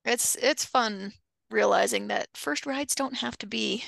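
A woman's voice: a little high, unhurried, creaky, no room sound. A woman hosting a podcast and chatting easily about her work training young horses. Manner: relaxed, easygoing. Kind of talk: casual podcast chat.

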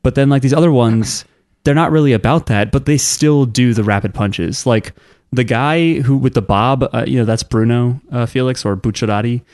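A man talks casually about a show he watched, loose and relaxed. His voice sits at a middle pitch, recorded dry and close. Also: normal speed, no echo. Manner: relaxed, chatty commentary with swearing. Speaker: podcast co-host. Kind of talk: casual chat.

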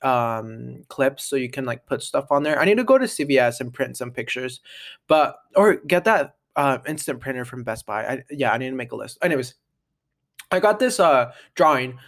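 This young adult podcast host has a medium-pitched, slightly bright voice with lively intonation and normal speed. Alone on his casual show, he chats aimlessly, fills his speech with "like," and restarts often.

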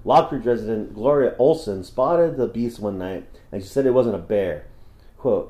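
A man's voice: lowish voice, normal speed, dark tone, roomy sound, rough recording. A man co-hosting a podcast in casual chat, reading monster reports aloud and joking crudely, laughing often. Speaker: podcast co-host.

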